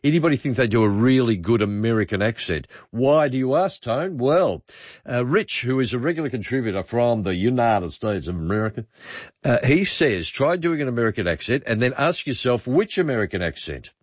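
A middle-aged Australian man hosting overnight talkback radio, musing aloud with frequent pauses and fillers. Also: mid-range voice, animated, dry recording, highs cut off. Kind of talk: late-night talkback radio. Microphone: studio microphone.

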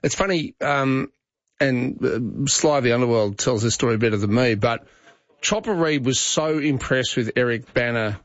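A man's voice: medium pitch, normal speed, dry recording. A middle-aged Australian man hosting talkback radio, chatting in a rambling way with restarts. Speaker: radio host. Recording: dry, slightly dull studio sound.

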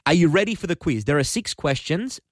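A man hosting a live radio quiz, upbeat, friendly and brisk. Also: a little high, very animated, no echo, clean studio sound. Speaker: radio host. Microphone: studio microphone.

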